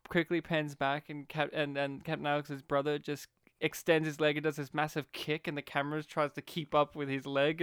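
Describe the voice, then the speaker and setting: A man co-hosting a casual film-review podcast, talking in an animated way, laughing often and acting out scenes. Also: on the high side, clean tone, no room sound, studio quality. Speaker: podcast co-host.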